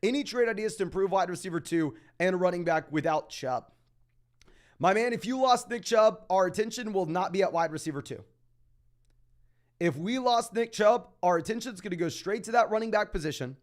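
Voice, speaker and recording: A young man hosting a casual fantasy football Q&A, reading out viewer questions and answering them in a quick, emphatic way. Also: high voice, lively intonation. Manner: fast, emphatic, calls listeners "my man". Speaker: fantasy football podcast host.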